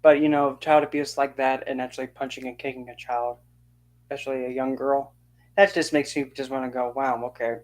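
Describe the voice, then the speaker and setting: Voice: mid-range voice, level tone, fairly quick. Indignant, sarcastic occult vlogger ranting. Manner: indignant, sarcastic, mocks others in quoted voices. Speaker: occult channel host. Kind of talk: ranting opinion monologue.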